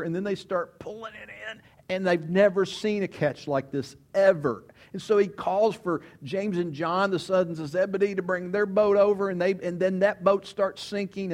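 A man preaching a sermon, telling stories with animation, asking rhetorical questions and acting out quotes. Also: fairly high pitch. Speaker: pastor.

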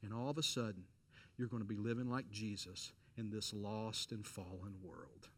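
A middle-aged man preaching a sermon, telling a personal story with lively quoted voices and direct appeals to listeners. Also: on the low side, moderate pace. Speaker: pastor.

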